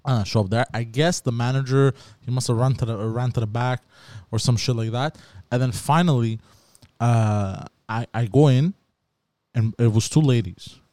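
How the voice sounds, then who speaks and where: A man telling a story in casual podcast chat, animated, swearing, and saying bro a lot. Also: mid-range voice, moderate pace, no echo.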